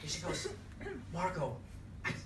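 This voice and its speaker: A man telling a lively story to an audience at a lunch talk, often checking in with "okay". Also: a little high, measured pace. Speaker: presenter. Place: lecture room. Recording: echoey room, far mic, noisy.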